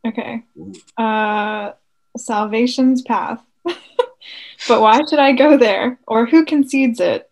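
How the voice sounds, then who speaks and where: A woman's voice: on the high side, slow pace, pauses often, a little mellow. A woman co-host reading old verse aloud carefully between chat.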